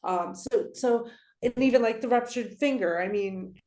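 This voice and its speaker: Lively woman guest, roomy echoey sound. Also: on the high side, normal speed. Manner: lively storyteller who acts out quoted voices. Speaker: podcast guest. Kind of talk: casual conversational interview. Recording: roomy echo on the voice.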